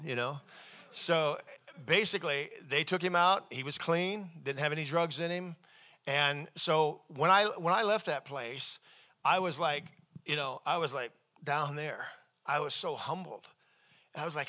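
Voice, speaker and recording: A male pastor preaches a sermon, telling a personal story in a conversational, animated manner with frequent restarts. His voice is a little high and his pace unhurried.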